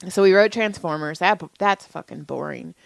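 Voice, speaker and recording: Laughing, animated woman co-host with a dry sound. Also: on the low side, normal speed, vocal fry, no echo, poor audio. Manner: animated storyteller, laughs often, acts out quotes. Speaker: podcast co-host. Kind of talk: casual chat.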